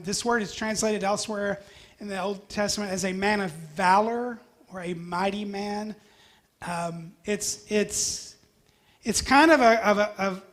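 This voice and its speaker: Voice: mid-range voice, fairly bright tone. Preacher, casual sermon style, chatty and folksy with jokey tangents. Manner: folksy and chatty, with humorous asides. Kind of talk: conversational sermon.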